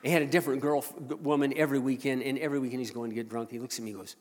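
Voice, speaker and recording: A male pastor telling a personal story in a sermon, animated, swinging between loud and hushed. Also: medium pitch, fairly quick, big-room sound.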